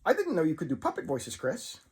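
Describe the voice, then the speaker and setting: A man voicing a young boy who pleads in a high, strained voice. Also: wildly swooping pitch, brisk, husky, heavily acted. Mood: amused. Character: young boy in an attic, easily spooked.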